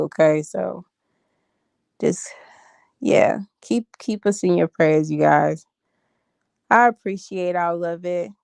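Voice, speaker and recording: Tired woman in her thirties, slightly low voice, dry close phone sound, chatty livestream host. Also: gravelly, clear, resonant tone, dry recording. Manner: chatty, addresses viewers as y'all and honey. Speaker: vlogger. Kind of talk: casual livestream chat.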